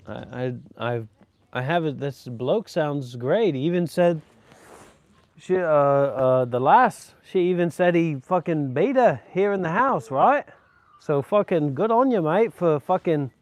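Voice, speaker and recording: Vlogger guy doing a fake aussie accent, swearing, mock tough talk, bit high-pitched. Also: darkish tone, dry recording. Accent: mock Australian. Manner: crude, swearing, ironic bravado. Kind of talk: comedic travel vlog monologue.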